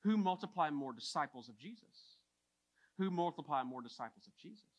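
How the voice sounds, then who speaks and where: A man preaching a sermon as pastor, moving from hushed lines to emphatic ones and repeating phrases for emphasis. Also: fairly high pitch, expressive, brisk, muffled recording.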